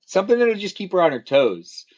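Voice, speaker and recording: Young guy rambling on his live stream, kinda high voice that bounces all over, goofy squeals now and then. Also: very animated, fairly quick, lo-fi sound, music in the background. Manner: rambling, playful, jumps between topics; breaks into high squealing calls. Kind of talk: casual live-stream chat. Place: home studio near a garage.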